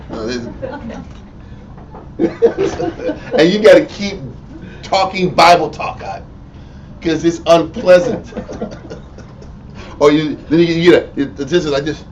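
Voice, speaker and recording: A man with a Texas accent, teaching the Bible informally in an animated, profane way and mimicking people. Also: fairly high pitch, slow pace, pauses often. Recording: lo-fi room recording from a distance with faint noise.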